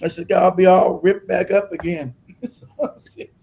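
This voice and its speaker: Mellow, laid-back cursing man. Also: high voice, little pitch movement, normal speed, gravelly, low-quality recording. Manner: loose, laughing, swearing, talks over clips. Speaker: stream host reacting to clips. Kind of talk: casual profane commentary.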